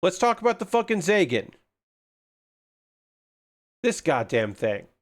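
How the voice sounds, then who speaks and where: A man livestreaming his model kit hobby, chatting casually, muttering to himself and swearing freely, and getting excited about the kits. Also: high-pitched, a little slow.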